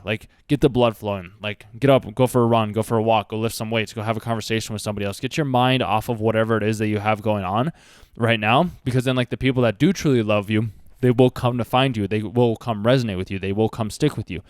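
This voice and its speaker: Fast-talking, earnest man rambling. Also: on the low side, smooth, dry recording, studio quality. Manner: rambling, earnest, heavy use of "like". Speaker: anime reaction host. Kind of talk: casual commentary with life advice.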